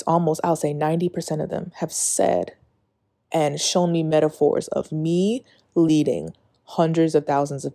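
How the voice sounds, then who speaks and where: A woman's voice: low voice, mellow. A woman hosting a solo spiritual podcast, reading a passage and then talking earnestly and confessionally, with many "like" fillers. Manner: reads a passage, then speaks off the cuff. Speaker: podcast host.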